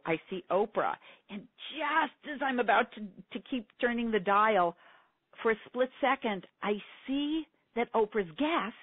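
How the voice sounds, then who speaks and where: A woman's voice: medium pitch, dry recording. Earnest middle-aged woman on a phone line. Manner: earnest, emotional, with quick laughs. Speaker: interview guest, seminar teacher. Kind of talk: personal storytelling in a phone interview. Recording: tinny dry phone line.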